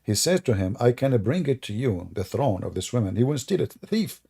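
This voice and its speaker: Mocking man with a gravelly voice. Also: mid-range voice, sing-song, brisk, mellow. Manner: sarcastic, mocking, rhetorical questions, chuckles. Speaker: online religious debate host. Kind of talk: mocking livestream commentary.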